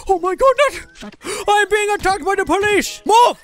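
A person giving comedic gameplay commentary in an excitable way, gasping and exclaiming often. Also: very high-pitched, unhurried, soft background music.

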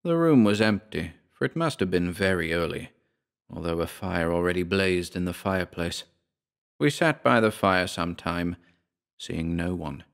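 A man narrating a horror story as an audiobook, slow and dramatic, dropping to a hush in the darkest passages. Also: sits low, lively intonation, creaky.

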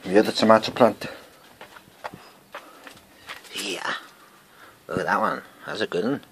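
Welsh guy rambling round his garden on a handheld cam, lowish voice, slides between english and welsh. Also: a bit bright, a little hiss or hum. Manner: slow rambling chat, mutters to himself. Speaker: gardening vlogger. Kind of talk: casual garden walk-through. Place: outdoor garden. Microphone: handheld camera or phone.

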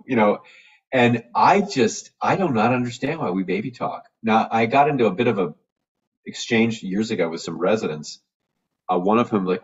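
A man's voice: fairly low pitch, normal speed, husky. A man, a physician guest, talking in a casual interview and acting out the voices he quotes. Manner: animated, acts out quoted voices. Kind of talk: conversational interview. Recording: dull lo-fi video call audio from a distance.

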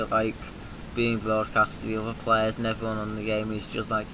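A British man hosting a let's-play, chattering loosely and breaking into loud rallying shouts and cheerful swearing. His voice is very bright and sharp, a little mucousy in the throat, with a faint hiss behind it. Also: mid-range voice, moderate pace, low-quality recording. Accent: British English. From Britain. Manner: excitable, profane, shouts rallying cries. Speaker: gaming video host. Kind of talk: casual let's-play commentary.

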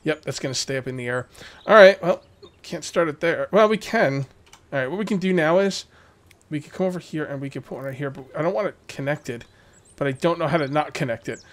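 A man's voice: a little high, fairly quick. A man hosting a let's play, chatting to himself and his viewers as he builds in a survival game and jokingly scolds the characters in his way. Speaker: gaming channel host.

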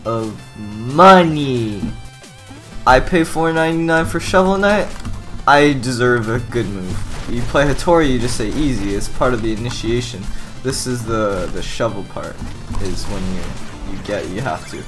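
A man talks over gameplay in a mid-range voice, rambling and deadpan. He stops and restarts often and fills the gaps with "uh" and "um". Faint music plays under his voice. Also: medium pitch. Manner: deadpan absurd rambling, halting with many fillers. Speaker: gaming video narrator. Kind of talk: rambling comedic gameplay commentary.

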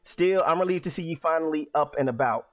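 Gentle polite librarian woman for a game, read plainly by a man, slightly high voice, dry sound. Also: fast talker, dry recording, faint music behind, natural voice. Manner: reading game dialogue aloud.

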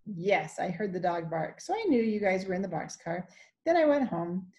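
A woman's voice: on the low side, big pitch swings, moderate pace, dark tone. A woman reading the lines of a friendly male doctor in a storybook, in a plain explaining manner.

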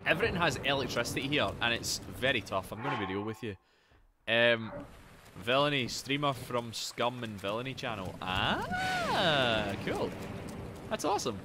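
A young man streaming a video game live, excitable, swearing often and chatting straight to his viewers. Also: medium pitch, fairly quick, over a noisy crowd. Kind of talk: live gameplay commentary with chat.

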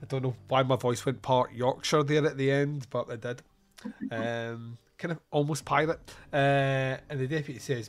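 A man hosting a podcast, retelling a film scene by scene in a casual, animated way with quick put-on voices and frequent laughter. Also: mid-range voice, soft background music. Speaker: podcast host. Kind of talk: casual film review chat.

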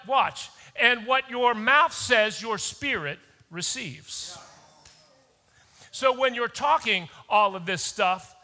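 A male pastor preaching a sermon with urgency, rising at times to shouts in a church auditorium. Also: high voice. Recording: long hall reverb.

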